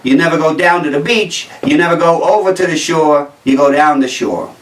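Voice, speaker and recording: A man's voice: fairly high pitch, normal speed, echoey room, recorded from a distance, rough recording. Wry man with a Jersey accent. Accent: New Jersey. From New Jersey. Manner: wry, incredulous, laughing at his own jokes. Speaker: stand-up comedian. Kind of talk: stand-up routine.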